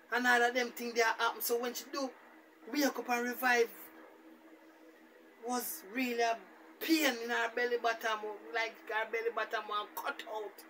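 A man's voice: very high-pitched, recorded from a distance. Jamaican man, vlogger, rambling casual story, faint background noise. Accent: Jamaican Patois. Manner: rambling, repetitive, animated retelling.

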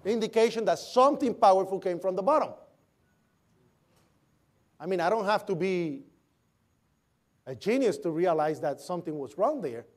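A man's voice: high-pitched, expressive, moderate pace, long pauses. A man giving an eyewitness account as vivid storytelling, imitating the sounds and voices he heard. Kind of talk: recounting a personal account.

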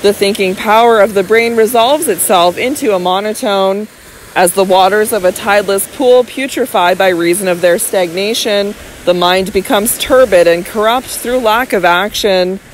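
A woman's voice: mid-range voice, normal speed, slight background noise, lightly acted, rough recording. A woman voicing a young lady who argues her case earnestly and coaxes her husband tenderly. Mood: insistent. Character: scheming young lady, frightened yet persuasive.

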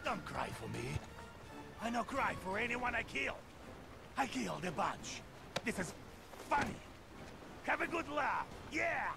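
A mocking captured outlaw in a video game, with a gravelly, rough voice in broken English. He leaps high and low as he jeers. Loud game music plays behind him. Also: very animated, measured pace, long pauses, heavily acted. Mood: taunting. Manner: taunting, jeering. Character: boastful captured male outlaw, mocking killer.

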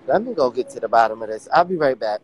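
Man doing a serious friend, low quick mutter, comedy skit. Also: lively intonation, lightly acted, low-quality recording.

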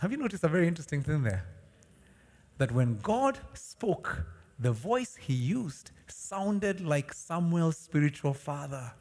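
Male pastor, animated sermon delivery, reverberant church hall sound. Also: on the high side, measured pace. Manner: animated preaching with rhetorical questions and laughs.

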